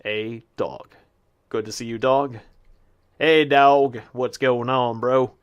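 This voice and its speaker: This man's medium-pitched voice is clear and resonant, steady in tone, and he takes his time. He's doing relaxed let's-play commentary, talking to the creatures he encounters and voicing the game's text.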